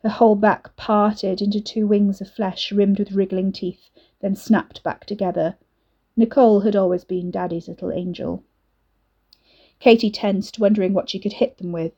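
A woman narrating an audiobook in a measured, expressive reading. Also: mid-range voice, slightly rough, dull audio.

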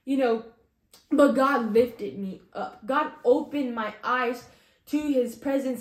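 A young woman sharing a personal faith testimony, earnest and casual, full of "like" and "you know.". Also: a little high. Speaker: testimony speaker. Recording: echoey room.

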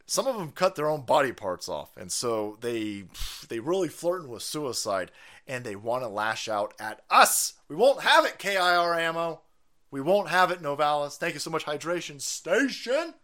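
A man hosting a live stream, ranting casually and profanely between viewer chats and laughing often. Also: fairly high pitch. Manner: animated, foul-mouthed, laughs often.

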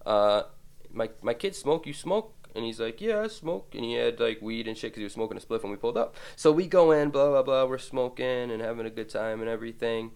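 A man's voice: medium pitch, brisk, darkish tone, smooth. A man in his twenties hosting a podcast, telling rambling, profane comic stories and laughing along the way. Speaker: podcast host.

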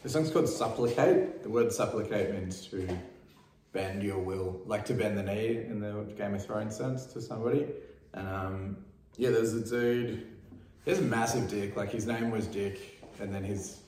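A man's voice: lowish voice, moderate pace, a little mellow, a little hiss or hum. Candid, laid-back man in an echoey room. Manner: candid, swears freely, laughs at own stories. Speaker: podcast host and musician. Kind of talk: casual storytelling chat.

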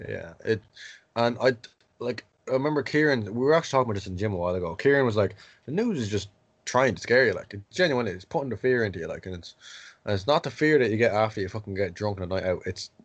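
A man's voice: fairly low pitch, animated, fast talker, no echo, muffled recording. A young man in casual podcast chat, rambling through anecdotes, swearing freely and acting out quotes in a raised voice.

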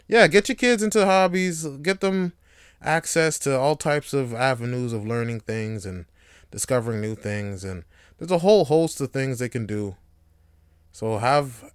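A man's voice: mid-range voice, smooth, no room sound, studio quality. A man hosting a casual solo podcast monologue, joking, swearing and laughing often. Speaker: podcast host.

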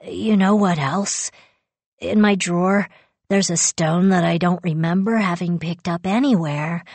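A shy, serious young boy, calm and earnest, speaking slowly in a low, breathy tone, as a woman reads him aloud. The audiobook voice is close and dry, with no room around it. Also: no room sound. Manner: calm, earnest, softly matter-of-fact. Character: quiet, serious young boy who believes he is an alien.

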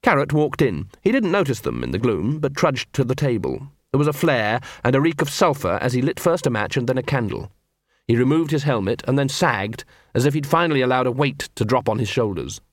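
A man narrating a comic fantasy audiobook with expressive storytelling. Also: mid-range voice, fairly quick, no echo, clean studio sound. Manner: expressive, character-driven storytelling. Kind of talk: scripted narration.

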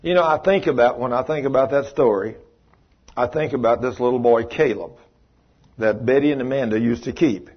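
A man preaching a sermon, telling a story in a folksy, animated way and acting out the voices in it. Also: mid-range voice, a little fast, breathy edge. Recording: dull lo-fi sermon recording.

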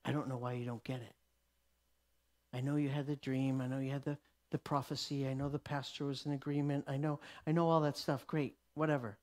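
A man preaching a sermon, acting out the people in the story and swinging from loud declarations to hushed whispers. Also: mid-range voice, flat delivery, brisk.

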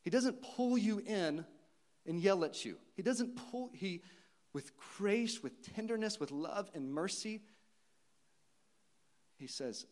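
A man in his thirties, a pastor, preaching a sermon in an earnest, personal storytelling manner with pauses and restarts. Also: high-pitched, lively intonation, darkish tone.

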